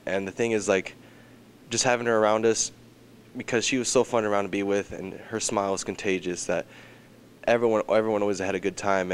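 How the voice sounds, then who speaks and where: A man's voice: lowish voice, a little hiss or hum. A teenage boy reflectively recalling childhood afternoons with a friend for a memorial. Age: teens. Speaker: classmate sharing a memory. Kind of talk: memorial tribute.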